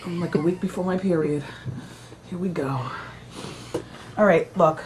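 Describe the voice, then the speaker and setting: A woman's voice: on the low side, normal speed, a little mellow, a little hiss or hum. Chatty woman talk show host. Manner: chatty, rambling, peppered with "you know" and "like"; candid, dramatic storytelling. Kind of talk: casual after-show chat.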